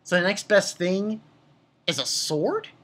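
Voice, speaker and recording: Casual: husky woman ranting about a manga chapter, swears a lot, pitch all over the place, lowish voice. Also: takes it slowly. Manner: profane, ranting, animated. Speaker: manga reviewer. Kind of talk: casual video review rant.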